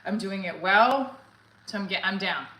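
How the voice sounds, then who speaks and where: A woman stand-up comedian chatting casually on a livestream, excitable and swearing freely. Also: medium pitch, normal speed, roomy sound, low-quality recording.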